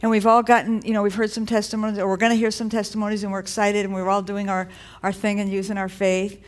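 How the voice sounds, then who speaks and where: A woman's voice: mid-range voice, level tone, fast. A woman preaching a sermon to a congregation in a church, in a conversational, encouraging way that builds to rising exhortations.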